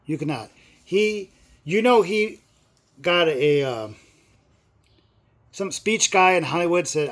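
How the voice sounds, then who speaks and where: A middle-aged man chats casually on his vlog, wandering from point to point with plenty of fillers. His voice sits a little high for a man. Every so often he bursts out with excitement. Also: slow, pauses often. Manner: rambling, filler-heavy talk with excited outbursts. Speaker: movie vlogger. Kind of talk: casual chat.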